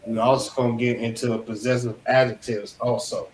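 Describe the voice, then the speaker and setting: A man teaching a language class, patiently repeating words slowly for students. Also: medium pitch, level tone. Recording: echoey room, faint background noise.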